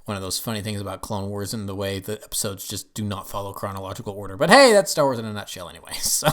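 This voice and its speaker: A man's voice: lowish voice, quick pace, a bit bright. Rambling casual male reviewer. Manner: rambling, full of fillers and restarts. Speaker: TV show reviewer.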